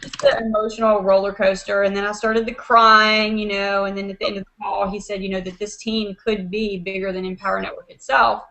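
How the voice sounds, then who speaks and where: A woman hosting a video call from her home desk, telling an excited story full of "you know" and acted-out quotes. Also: mid-range voice, brisk, low-quality recording. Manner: animated, acts out quotes, many fillers like "you know". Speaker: host of an online video hangout.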